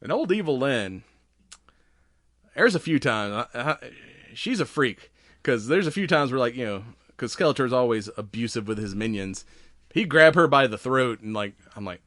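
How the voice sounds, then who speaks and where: A man's voice: mid-range voice, lively intonation, normal speed, fairly bright tone, no room sound, studio quality. A man in his forties co-hosting a podcast in casual chat, laughing often and acting out movie lines in silly voices. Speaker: podcast co-host.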